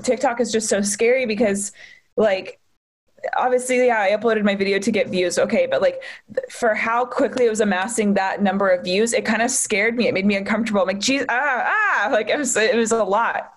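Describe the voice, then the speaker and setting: A woman's voice: medium pitch, fairly even intonation, brisk. A woman stand-up comedian chatting casually as a podcast guest, telling stories in a rambling way full of fillers and swearing. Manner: rambling, filler-heavy storytelling with frequent swearing.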